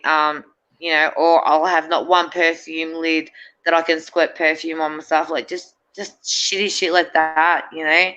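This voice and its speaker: A woman's voice: low-pitched, fairly bright tone, clean tone, lo-fi sound. A middle-aged woman, a guest in a casual chat, rambling and hesitant with many fillers and restarts.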